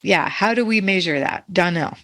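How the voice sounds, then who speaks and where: A woman's voice: on the low side, moderate pace, a bit bright, no room sound. A woman who is a literacy educator, talking in a casual podcast discussion in a thoughtful, questioning way with light laughs.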